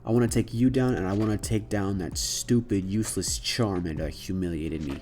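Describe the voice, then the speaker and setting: A man's voice: on the low side, brisk, darkish tone, faint music behind, close to an everyday voice. A man voicing a cocky, arrogant young rival trainer who sneers and taunts. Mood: sneering.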